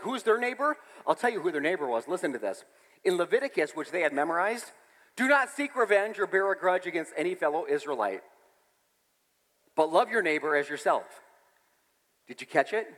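A man preaching a sermon in a church, animated and storytelling, with laughs and sudden shouts. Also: high voice, in a large hall. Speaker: pastor.

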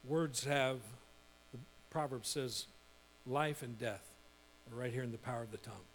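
A middle-aged man preaching a sermon as pastor, lively and emphatic, building points through repetition. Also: medium pitch, normal speed, long pauses, a little hiss or hum.

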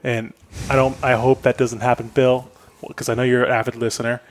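A man's voice: mid-range voice, level tone, fairly quick, slight background noise. A man co-hosting a casual podcast chat, tossing in wry jokes. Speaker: podcast co-host.

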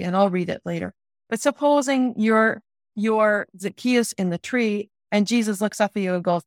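A woman's voice: mid-range voice, no room sound, clean studio sound. A woman teaching a guided prayer practice in an earnest, plain-spoken way, often restarting her sentences. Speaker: spiritual director teaching prayer.

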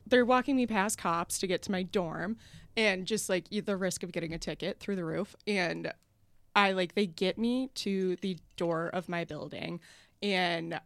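A young woman comedian telling a college story as a podcast guest, animated and laughing often as she acts out what people said. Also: fairly low pitch, a little slow, creaky, no room sound.

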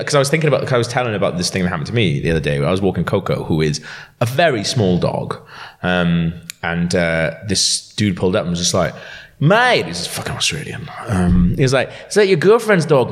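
A man's voice: deep voice, fast talker. A young man chatting casually on a podcast, telling stories with swearing and frequent laughter. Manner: animated storytelling with laughs and swearing. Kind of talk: casual chat. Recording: long reverb in the room.

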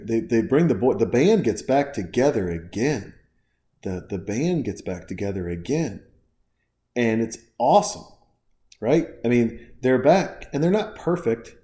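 His voice is on the low side and mellow. This American podcast host rants alone in the early morning, profane and worked up, wandering off track and restarting sentences over and over in a casual monologue.

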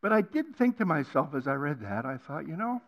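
An older man preaching a personal testimony on a college campus, swinging between hushed passages and loud emphatic ones. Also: on the high side, very animated, a little fast. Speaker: guest preacher.

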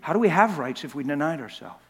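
Male preacher, high voice, emphatic and repetitive delivery with shouted peaks; long church-hall reverb. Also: animated, fast talker. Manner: emphatic, repeats words for effect, rises to shouting at climaxes; jokes with the crowd. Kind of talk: sermon.

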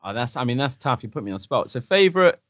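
Joking British man with a lively voice. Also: mid-range voice, dry recording, studio quality. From Britain. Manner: joking, quick banter. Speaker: co-host. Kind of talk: casual podcast chat.

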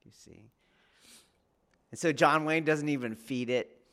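A man teaching martial arts students in an informal, rambling lecture, often laughing and checking whether they follow, growing loud when he presses a point. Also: fairly high pitch, measured pace. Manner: rambling, laughs often, asks "do you see?".

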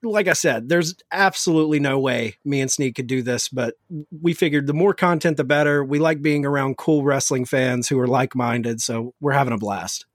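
A man's voice: mid-range voice, moderate pace, no echo, studio quality. A man guesting on a casual podcast, easygoing and enthusiastic.

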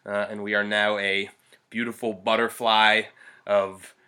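A man's voice: fairly low pitch, level tone, measured pace, bright, forceful tone, clear, resonant tone. A man co-hosting a casual movie podcast, chatty and rambling, laughing often. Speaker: podcast co-host. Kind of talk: casual movie review chat.

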